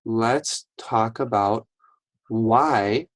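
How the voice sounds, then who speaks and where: Slow, patient male phonics teacher. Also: on the low side, no echo, low-quality recording. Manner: slow, patient reading of words one at a time. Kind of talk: phonics lesson for young children.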